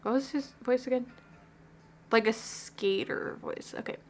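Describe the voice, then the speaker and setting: A woman's voice: a little high, unhurried. A woman casually commenting while playing a story game, chatty and self-deprecating. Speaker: let's play streamer.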